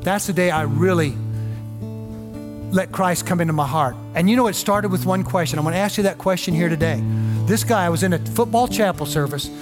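High-voiced earnest male preacher. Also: fairly quick, over music. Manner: earnest storytelling, emotional build-ups. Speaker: pastor. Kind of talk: sermon. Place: church.

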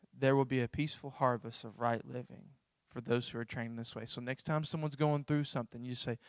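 A man preaching a sermon, telling a personal story in an animated, self-mocking way. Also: medium pitch, fairly quick, few pauses, no echo, studio quality. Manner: animated storytelling, acts out his own reactions. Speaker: pastor.

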